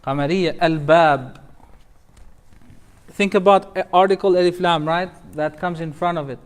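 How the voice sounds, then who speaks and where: A man teaching a tajweed class, his voice sitting a little high and his pace slow and measured. He calls out each letter, asks the class which rule it follows, and recites the example words. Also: fairly even intonation. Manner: quizzes students letter by letter, drawn-out recitation of words.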